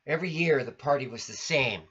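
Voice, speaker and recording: A man reading a children's storybook aloud in an expressive, sing-song way. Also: mid-range voice, a little fast, husky. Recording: lo-fi recording.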